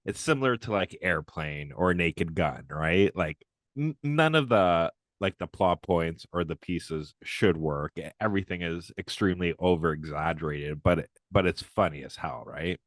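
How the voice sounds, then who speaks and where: A man's voice: low voice, lively intonation, moderate pace, no echo. A man co-hosting a movie podcast in casual chat, blunt and swearing freely. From Canada. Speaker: podcast co-host.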